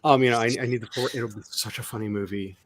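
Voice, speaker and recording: A man's voice: fairly low pitch, steady tone, fast, no echo. Chatty man rambling about movies. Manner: rambling, enthusiastic, trails off quietly. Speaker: host. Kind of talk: casual chat.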